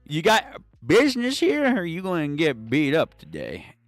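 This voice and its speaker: A man's voice: on the high side, huge pitch swings, normal speed, no room sound, soft background music. Man doing a menacing old street thug. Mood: taunting. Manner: threatening, taunting.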